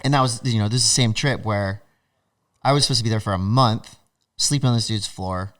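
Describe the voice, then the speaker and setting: A man guest on a podcast, telling stories in an animated, laughing way and acting out what other people said. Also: lowish voice, a little fast. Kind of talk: casual storytelling.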